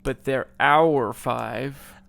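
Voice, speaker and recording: A man co-hosting a finance podcast in casual chat, upbeat and agreeable, often chiming in with quick yeahs. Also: mid-range voice, creaky, a bit bright, smooth. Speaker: podcast co-host, financial advisor.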